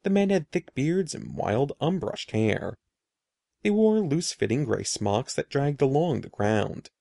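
A man reading a children's story aloud in an expressive, animated way. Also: medium pitch, unhurried, gravelly, no room sound, clean studio sound. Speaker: narrator.

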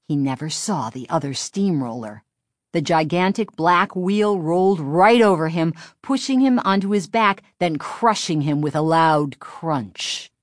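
A woman narrating a children's story in a steady, expressive storytelling manner. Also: low voice, no echo, studio quality. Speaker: audiobook narrator. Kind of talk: scripted narration.

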